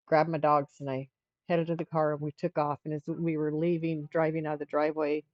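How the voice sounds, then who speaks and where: A woman's voice: low-pitched, no room sound, lo-fi sound. A middle-aged woman hosting a livestream, telling a rambling story in casual chat with frequent restarts. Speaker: livestream host.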